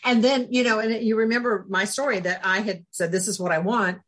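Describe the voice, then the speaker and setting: A woman's voice: mid-range voice, brisk. A talkative, spunky woman telling stories as a podcast guest, laughing often. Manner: laughs often, animated storytelling. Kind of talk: casual interview chat.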